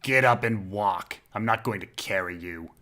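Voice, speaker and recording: Brutal storybook jailer, read by a man, low and clipped. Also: moderate pace, pushed and bright. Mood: menacing. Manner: curt, cold commands. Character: squat ugly cruel male captor.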